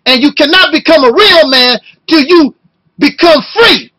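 A man in his fifties delivering an impassioned video rant, talking loud and emotional and firing off rhetorical questions. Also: very high voice, animated, a little slow, low-quality recording. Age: 50s. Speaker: video blogger.

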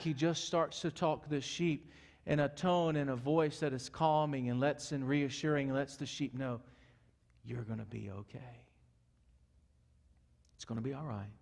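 A male pastor delivers an earnest sermon in a high voice. He swings from urgent, loud stretches to soft, hushed ones. A long reverb fills the church sanctuary around him. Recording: echoey church hall.

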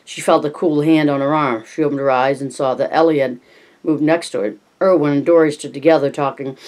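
A man reading a novel aloud as an audiobook, steady, with small slips and restarts. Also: fairly high pitch. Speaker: audiobook reader. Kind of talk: scripted narration.

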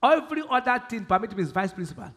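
Shouting Nigerian pastor in a big hall. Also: male voice, high voice, big pitch swings, quick pace. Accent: Nigerian English. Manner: preaching with sudden shouted emphasis and Bible quotes. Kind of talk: sermon. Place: large church hall. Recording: live church hall with long reverb.

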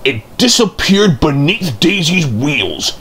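A man reads a children's storybook aloud, slow and unhurried. His voice rises and falls with lively expression, and he tells the story with care. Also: fairly high pitch, slight background noise.

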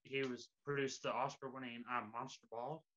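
A man's voice: medium pitch, flat delivery, normal speed, a bit bright. A man hosting a casual interview chat, talking with many fillers like "like" and "um". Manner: filler-heavy, uses like a lot. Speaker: host. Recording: slightly dull lo-fi audio.

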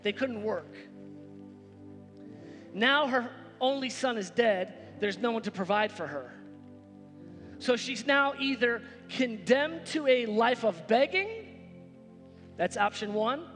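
A man's voice: extremely high pitch, a bit bright. A man preaching a sermon as pastor, emphatic and repetitive, building to exclamations. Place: church sanctuary. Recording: reverberant church hall with background music.

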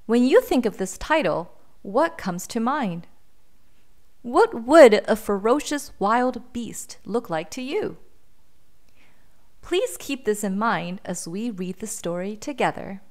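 A woman reading a children's picture book aloud in a gentle, expressive way. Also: fairly high pitch, slow pace. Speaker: storyteller.

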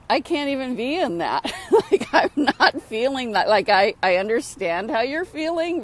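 A middle-aged woman, a spiritual mentor, talking casually and upbeat outdoors at sunset, repeating phrases for emphasis. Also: medium pitch. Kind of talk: casual motivational talk to camera.

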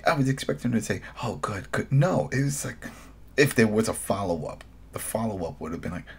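A man with a low, husky voice co-hosts a podcast review in easygoing chat. He retells scenes in an animated way and slips into the characters as he goes. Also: a little fast. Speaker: podcast co-host.

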